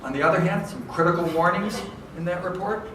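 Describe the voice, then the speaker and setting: Animated male lecturer in an echoey hall. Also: sits high, fairly quick. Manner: lively, conversational, keeps checking in with "okay?" and "right?". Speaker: education professor giving a talk. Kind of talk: public lecture to educators. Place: large hall with an audience. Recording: echoey hall from far off, faint noise.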